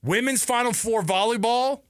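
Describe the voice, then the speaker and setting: A man's voice: extremely high pitch, normal speed, smooth, no room sound, studio quality. A man co-hosting a sports radio show, chatting casually and telling stories with lots of laughter. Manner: animated, laughing storyteller. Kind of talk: casual sports talk chat.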